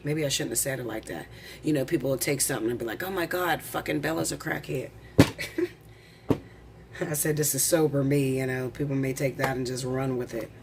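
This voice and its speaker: A woman reading tarot cards in a casual, blunt, excitable way, rushing and tripping over her words. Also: very deep voice, very noisy. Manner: rapid, excitable, blunt with swearing. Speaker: tarot reader.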